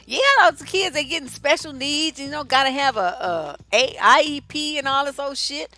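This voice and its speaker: A relationship coach with a high voice answers viewer questions on a live stream at a moderate pace, soft music in the background. Her advice is blunt, profane, and sassy, delivered as animated storytelling.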